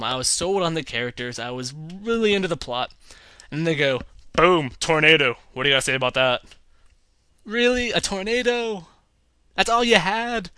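A man in a casual opinion vlog, reviewing films with animated, exasperated ranting and putting on voices for others. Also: a little high, smooth, dry recording. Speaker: film reviewer.

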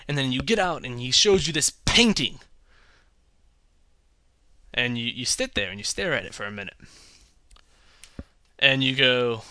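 A man in a casual opinion vlog, reviewing films with animated, exasperated ranting and putting on voices for others. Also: medium pitch, moderate pace, long pauses, no room sound. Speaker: film reviewer.

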